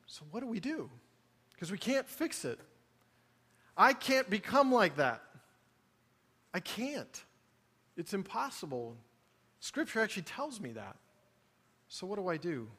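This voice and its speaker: A man preaching a sermon as pastor, earnest and pleading, moving between quiet reflection and emphatic appeals. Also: high-pitched. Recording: long reverb of a large hall.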